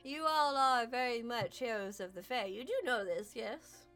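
A woman's voice: fairly high pitch, moderate pace, a bit bright, soft background music, close to an everyday voice. A woman voicing a flamboyant male fae king who is a showy circus ringmaster in a tabletop game. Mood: chummy. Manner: theatrical, showy, grandly welcoming. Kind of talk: game master voicing a character.

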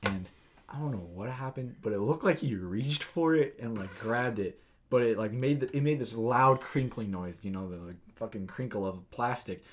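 A man's voice: mid-range voice, normal speed, slight background noise. A young man co-hosting a casual podcast, telling stories animatedly with plenty of swearing and laughter. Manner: swears a lot, laughs often, animated storytelling. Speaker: podcast co-host. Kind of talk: casual chat.

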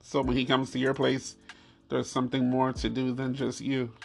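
A man telling a funny personal story in casual chat, animated and laughing often, swearing freely and repeating his punchlines. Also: mid-range voice, moderate pace, gravelly.

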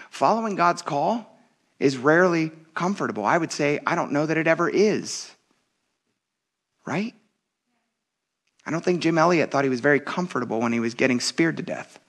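A pastor delivers his sermon in an animated, conversational way, speaking straight to his congregation. His voice sits slightly higher than most men's.

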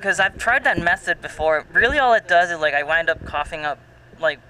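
A man's voice: fairly high pitch, lively intonation, brisk, sharp tone, a little hiss or hum, poor audio. A man chatting casually who asks loose, rambling questions and trails off mid-thought. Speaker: conversation partner. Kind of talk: casual chat.

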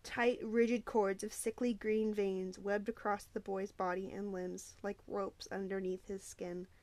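A woman reads a novel aloud with steady, even storytelling and the odd small slip. Her voice sits mid-pitch. The recording is dry and close, with little room sound. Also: measured pace, dry recording. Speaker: audiobook narrator.

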